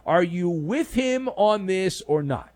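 A man delivers opinionated sports commentary with a sarcastic edge. His voice sits high and swings widely in pitch as he acts out mocking little skits. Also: lively intonation, takes it slowly, darkish tone. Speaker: sports talk show host.

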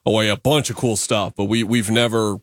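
A man's voice: lowish voice, a little fast, no echo, studio quality. A man co-hosting a radio sports show, talking casually with lots of fillers. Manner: relaxed, filler-heavy talk.

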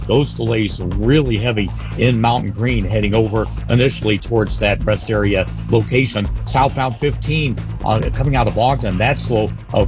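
A man reads off road delays briskly, in a matter-of-fact radio manner. Music plays clearly under the report. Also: medium pitch. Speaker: traffic reporter.

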